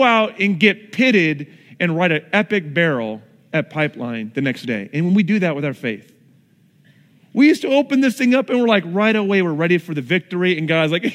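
A man's voice: high-pitched, lively intonation, normal speed, a bit bright. Man preaching in a reverberant hall. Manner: conversational preaching with acted-out asides. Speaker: pastor. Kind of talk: sermon. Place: church sanctuary. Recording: long reverb in a large hall.

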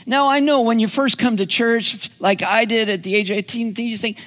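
A man's voice: extremely high pitch, steady tone, moderate pace, few pauses, fairly bright tone, big-room sound. A man preaching a sermon, retelling a parable in a folksy, storytelling way and acting out the characters' lines. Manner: storytelling with acted voices, folksy asides. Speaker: pastor.

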